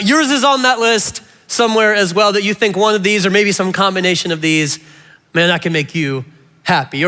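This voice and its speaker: Lively male preacher with a high, bright voice. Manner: animated, playful, talks directly to the audience. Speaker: pastor. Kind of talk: sermon. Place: large church hall. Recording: reverberant church hall.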